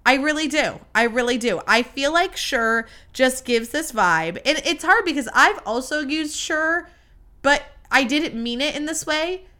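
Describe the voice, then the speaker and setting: A young adult woman hosting a solo podcast, chatting casually in an animated, gushing and dramatic way, speaking straight to her listeners. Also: high voice, unhurried. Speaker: podcast host.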